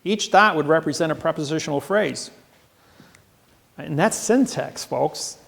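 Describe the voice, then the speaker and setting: A man giving a seminar lecture, telling courtroom stories and acting out the exchanges with a raised voice, self-assured with halting restarts. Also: a little high, creaky, a bit bright, slightly rough. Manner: storytelling, acts out quoted exchanges with raised voice.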